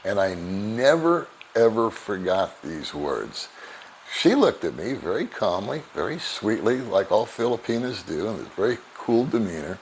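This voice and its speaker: An older man vlogging, telling relaxed, rambling anecdotes to the camera and chuckling now and then. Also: fairly low pitch, measured pace, a little hiss or hum. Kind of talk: casual storytelling to camera.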